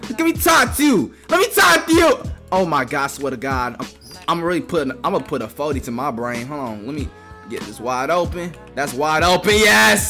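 A young man giving trash-talking commentary over his gameplay, swinging between loud taunting shouts and low muttering. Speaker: gaming streamer.

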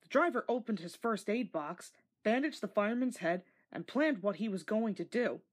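A woman narrating a storybook read-along, gentle and expressive with a breathy voice. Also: mid-range voice, normal speed.

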